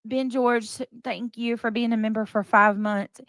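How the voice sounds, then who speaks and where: A woman's voice: fairly high pitch, fairly even intonation, unhurried, dry recording. A woman hosting a casual live stream, defensive and exasperated, repeating herself and restarting sentences as she answers her chat.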